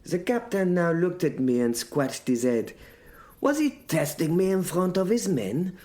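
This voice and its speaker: Man narrating a comic audio serial, dry and sardonic, unhurried with a swinging, lively pitch. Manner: dry, deadpan, sardonic storytelling. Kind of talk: comic first-person drama narration.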